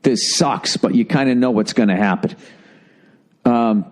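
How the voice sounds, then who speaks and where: A man's voice: medium pitch, a little mellow. A man hosting a comedy podcast, reading a listener's letter and giving blunt, profane breakup advice in a casual rant. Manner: blunt and profane, lots of swearing; halting, with fillers and restarts before punchlines.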